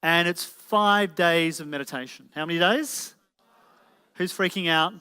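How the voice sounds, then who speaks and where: This motivational speaker's voice sits a little high and moves at a measured pace, sharp yet smooth. Live before an audience in an event hall, he keeps peppering listeners with rhetorical questions, and the room sounds reverberant.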